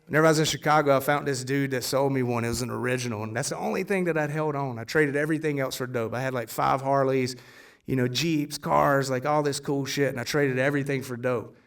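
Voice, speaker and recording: On a theater stage before an audience, a man in his forties shares his own recovery story as a guest speaker in live storytelling testimony, casual and blunt, swearing and acting out dialogue. His mid-range voice is fast, gravelly and smooth, and he sounds far from the mic.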